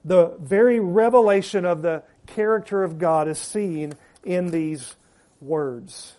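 A man delivers a sermon with a high-pitched but warm, dark-toned voice. He leans hard into repeated words for emphasis, then lets his phrase endings sink low and quiet. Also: takes it slowly. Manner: preaching with rising emphasis and trailing drops at phrase ends. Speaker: pastor.

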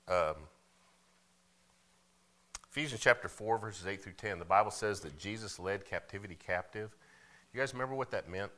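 A man preaching a sermon in a folksy way, often checking in with "Amen?" and "okay?", swinging from loud emphasis to hushed asides. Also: fairly low pitch. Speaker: pastor.

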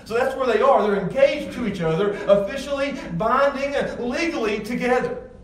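High-voiced man preaching in echoey church. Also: normal speed. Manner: conversational, emphatic preaching with repeated restarts. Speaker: pastor. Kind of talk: sermon. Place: church sanctuary with congregation. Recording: echoey room, far from mic, faint ambience.

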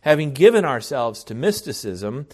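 A man preaches a sermon earnestly and deliberately, frequently restarting his phrases. His husky, medium-pitched voice is very animated.

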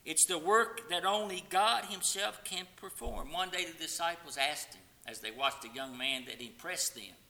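A man preaching a sermon with passion, swinging from loud pleading to quiet, hushed lines and sometimes singing hymn verses. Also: fairly high pitch, normal speed, creaky, few pauses.

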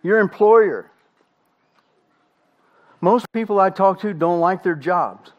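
A middle-aged pastor delivers a sermon with emphatic force, slow dramatic pauses and rhetorical questions. His voice is high and expressive, and the recording sounds muffled.

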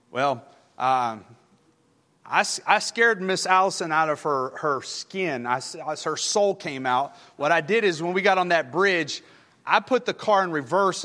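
A man preaching a sermon, telling a story in an animated way, with many fillers and restarts. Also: on the high side, in a large hall.

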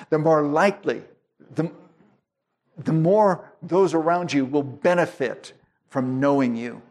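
A man preaching a sermon, explaining scripture with everyday illustrations and frequent restarts. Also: on the high side. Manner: slow, deliberate preaching with homely illustrations and restarts. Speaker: pastor.

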